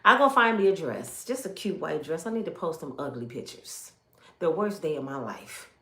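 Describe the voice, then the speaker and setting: A woman's voice: sits low, big pitch swings, normal speed, sharp tone, echoey room. A woman from Michigan giving an emotional personal testimony, telling her story with animation and speaking straight to her viewers.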